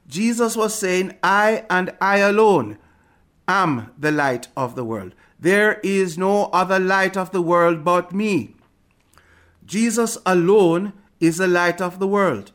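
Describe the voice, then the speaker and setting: Man preaching, emphatic and measured, slightly high voice, sermon. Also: a bit bright.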